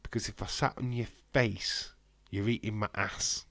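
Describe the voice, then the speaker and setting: A man's voice: on the low side, fairly even intonation, moderate pace, fairly bright tone, dry recording. A man hosting a live watch-along stream, chatting casually and joking as he reads out and answers comments from his viewers. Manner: joking banter reading out chat.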